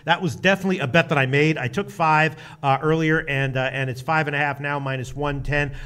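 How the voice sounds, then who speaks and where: A man co-hosting a sports betting show, talking loosely and loudly, swearing often and reading viewer comments aloud with restarts and exclamations. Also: fairly high pitch, steady tone, a little fast, clear, resonant tone. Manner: loud, profane, rambling, reads viewer comments aloud. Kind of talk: casual sports betting chat.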